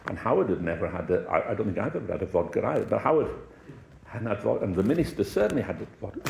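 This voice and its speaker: A man's voice: fairly low pitch, sing-song, very fast, vocal fry, a little mellow, a little hiss or hum. A middle-aged man from Wales preaching a sermon in a conversational, anecdotal way, with chuckles and acted-out quotes. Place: church hall. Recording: echoey church room.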